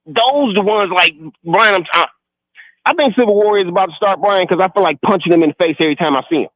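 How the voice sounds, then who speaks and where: A man's voice: sits high, fast, no room sound. A frustrated man calling in, rambling with stammered restarts and repeating the host's name. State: frustrated and agitated. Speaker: caller. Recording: dull phone line.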